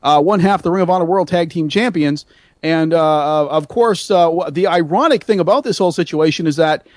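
A man hosts a casual radio talk show with a fairly high voice. He rambles in an animated way, breaking off and restarting, and jokes at his own expense. The sound is dry and close, with no room echo. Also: brisk. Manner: animated, rambling, self-mocking, many restarts.

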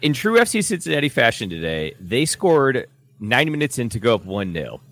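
A man's voice: medium pitch, big pitch swings, a little fast, fairly bright tone. A man co-hosting a casual sports talk show, joking and swearing freely. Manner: joking, swears freely, botches put-on accents. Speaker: sports co-host.

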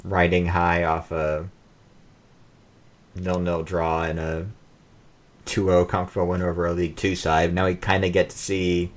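A man's voice: low voice, completely flat delivery, measured pace, pauses often. A man co-hosting a football podcast, chatting in an easygoing way. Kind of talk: casual football chat.

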